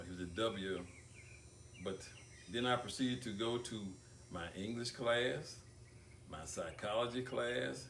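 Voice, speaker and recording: An older man giving a tribute speech at an awards ceremony, talking deliberately with repeated words and long pauses. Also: fairly low pitch, a bit bright, a little hiss or hum. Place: banquet hall. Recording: echoey room picked up from far off.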